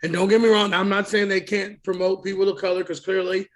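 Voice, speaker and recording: A man with a high voice and flat delivery talks at a quick pace. He co-hosts a casual wrestling podcast, speaking bluntly and emphatically with plenty of swearing.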